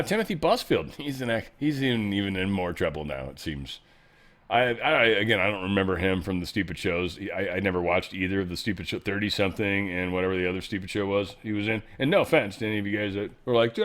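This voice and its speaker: A man's voice: fairly low pitch, a bit bright. A man hosting a show, giving a casual news commentary monologue in an irreverent, joking and often profane way. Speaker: show host.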